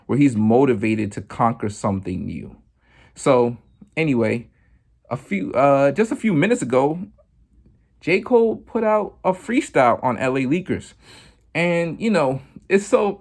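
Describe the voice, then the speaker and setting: A man hosting a podcast, talking through music news in a relaxed, chatty monologue full of "like" and "you know". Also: mid-range voice, creaky. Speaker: podcast host. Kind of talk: casual commentary monologue.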